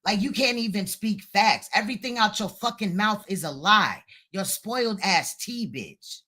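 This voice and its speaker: A woman's voice with a bright, sharp edge fires off profane insults in a heated livestream rant. She is a host answering back with crude, cutting retorts. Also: mid-range voice, animated, normal speed, breathy edge. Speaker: live stream host.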